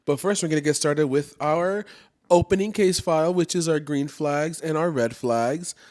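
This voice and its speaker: A man's voice: a little high, moderate pace, darkish tone. A young man co-hosting a casual podcast, talking in a loose, rambling way and joking along. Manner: easygoing, rambling, self-correcting. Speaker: podcast co-host. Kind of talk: casual chat.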